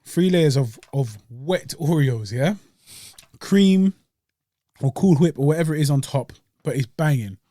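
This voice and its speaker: A man's voice: on the high side, expressive, measured pace, dark tone, no room sound. Slangy young man, eating on a podcast. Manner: laid-back, slangy and chatty, eating while talking. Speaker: podcast host reviewing desserts. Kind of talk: casual chat.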